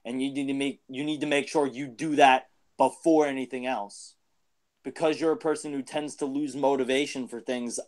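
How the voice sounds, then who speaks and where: A man in a casual podcast chat, earnestly lecturing a friend with advice. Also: mid-range voice. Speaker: podcast co-host.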